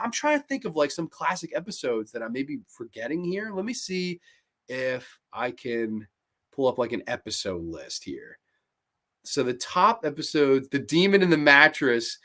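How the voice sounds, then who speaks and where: A man hosting a live-streamed horror show, chatting casually, rambling, animated, and swearing freely. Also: on the high side.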